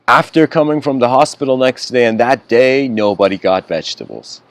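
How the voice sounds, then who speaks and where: A man's voice: mid-range voice, moderate pace, no echo. A man giving a spiritual lecture, telling a story in a casual, conversational way with frequent asides.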